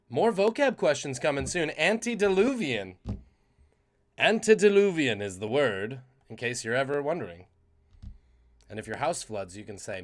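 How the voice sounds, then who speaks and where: A man's voice: mid-range voice, animated, a little fast. A man hosting a live trivia stream, joking and reading out the chat's guesses. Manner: jokey, punning, reads chat aloud. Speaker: trivia quiz host.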